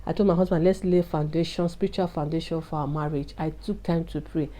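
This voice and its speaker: Sitting low with little pitch movement, this woman's dark-toned voice moves a little fast. She's a vlogger telling an emotional testimony, confiding in viewers she addresses as "guys," in an earnest way.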